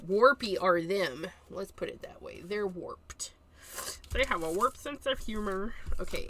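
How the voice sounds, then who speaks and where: Chatty, bright-voiced woman crafter. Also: medium pitch, slight background noise. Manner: chatty, jokey, talks to herself while working. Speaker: card-making streamer. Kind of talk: live crafting tutorial.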